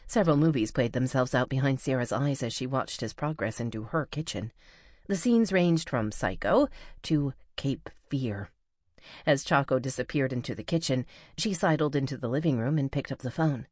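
A woman narrating a novel as an audiobook reader, in a measured, even storytelling manner. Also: very deep voice, dry recording, clean studio sound. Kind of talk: scripted narration.

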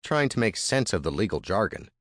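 A man narrating a frontier story in the first person, measured and expressive. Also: lowish voice, no echo, clean studio sound.

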